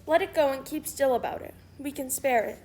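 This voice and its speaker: A woman's voice: high voice, a little fast, a little mellow, slight background noise. A woman voicing a sly, scheming male swindler in a storybook reading.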